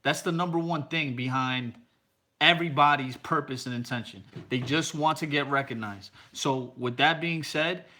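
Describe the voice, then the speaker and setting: A man's voice: a little high, moderate pace, sharp tone, slight background noise. A man co-hosting a casual chat, laid-back and reflective. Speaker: podcast co-host.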